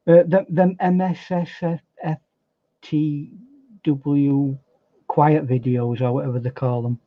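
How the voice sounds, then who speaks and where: A man chatting as a guest on a livestream, giving opinions in a measured, teasing way. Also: a little high, steady tone, no room sound. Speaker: guest artist. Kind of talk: casual chat. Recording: dull lo-fi dry audio.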